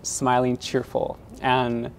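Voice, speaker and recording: Earnest gravelly-voiced man teacher. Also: medium pitch, monotone, slow. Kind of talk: heartfelt thanks to a student.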